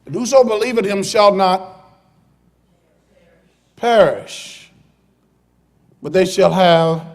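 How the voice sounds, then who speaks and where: High-voiced male pastor preaching in a hall. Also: slow. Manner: builds from calm teaching to loud preaching. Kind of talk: sermon. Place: church sanctuary.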